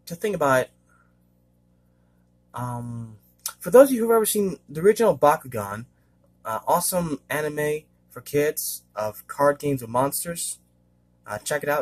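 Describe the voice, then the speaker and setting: A man talks in a husky voice, his pitch rising and falling a great deal. He rambles in a casual vlog, hesitating over fillers and often clearing his throat. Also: a little mellow. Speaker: vlogger. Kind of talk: casual monologue.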